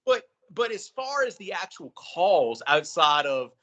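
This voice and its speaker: A man co-hosts a wrestling talk show in a loose, casual way, often restarting his phrases and filling gaps with um. His voice sits a little higher than most men's. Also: sing-song, a little slow, sharp tone. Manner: hesitant, restarts phrases, many ums. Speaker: podcast co-host.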